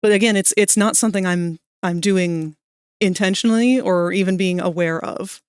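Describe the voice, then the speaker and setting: A soft-spoken woman streaming from home, chatting casually with viewers into a desk microphone. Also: medium pitch, moderate pace, clean tone, no echo, studio quality. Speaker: livestreamer.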